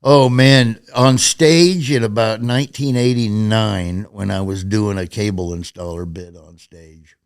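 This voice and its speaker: A man's voice: fairly low pitch, measured pace, hardly any pauses, clean tone, dry recording, studio quality. A middle-aged man, a stand-up comedian telling stories casually in an interview and acting out quotes in raised voices. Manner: animated storyteller, acts out quotes in raised voices.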